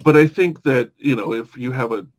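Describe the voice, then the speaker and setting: A man's voice: medium pitch, normal speed. A man hosting a podcast in casual chat, joking, swearing freely and laughing often. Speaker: podcast host.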